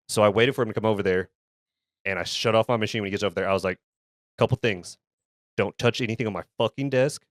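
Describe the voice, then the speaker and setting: A man's voice: fairly low pitch, no room sound, clean studio sound. A man co-hosting a podcast, telling a workplace story casually, swearing often and restarting and repeating his words as he gets worked up. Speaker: podcast co-host.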